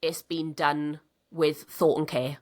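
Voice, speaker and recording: A woman podcast host with a somewhat low voice, chatting casually and swearing freely. She gushes with enthusiasm about what she loves, and she is just getting over a cold. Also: level tone, slow pace, darkish tone. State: recovering from a cold. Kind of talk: casual interview chat.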